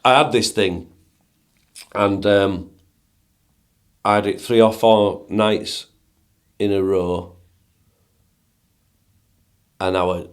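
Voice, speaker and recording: Deep-voiced Northern English man telling a story. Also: steady tone, takes it slowly, long pauses, clear, resonant tone. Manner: rambling, repeats and restarts words, earnest. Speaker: guest, musician and DJ. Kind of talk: casual storytelling in a podcast conversation.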